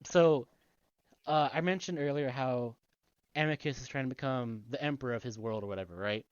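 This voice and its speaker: Here a medium-pitched man speaks briskly in a clean tone, recorded dry through a dull lo-fi podcast mic. As a co-host, he retells a video game's story in casual chat, swearing and laughing plenty along the way.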